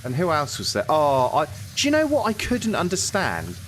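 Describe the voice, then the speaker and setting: A man in casual conversation while playing a game, chatty and quick to apologize. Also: on the high side, huge pitch swings, a little hiss or hum. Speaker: co-host. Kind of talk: casual chat while gaming.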